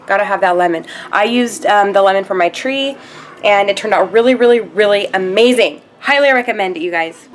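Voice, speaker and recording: A young woman vlogging her day, chatting casually to her viewers. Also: mid-range voice. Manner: chatty, addresses viewers as you guys. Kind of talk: casual chat.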